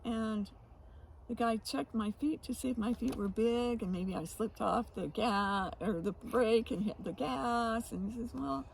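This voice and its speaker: A woman co-hosting a casual chat, telling odd stories with frequent laughs and halting restarts. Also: on the high side, gravelly, a little hiss or hum, poor audio. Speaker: co-host.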